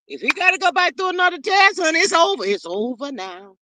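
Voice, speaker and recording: Reading her chat aloud on a relaxed livestream, a woman fires back sassy reactions, calling viewers honey and child with lots of animation. She speaks briskly in a high-pitched voice on a dry recording.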